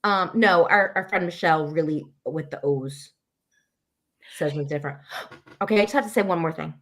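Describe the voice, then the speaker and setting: A woman from New Jersey co-hosting a casual livestream chat, animated and acting out what others said. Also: low-pitched, moderate pace. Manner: animated, acts out quotes. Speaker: co-host.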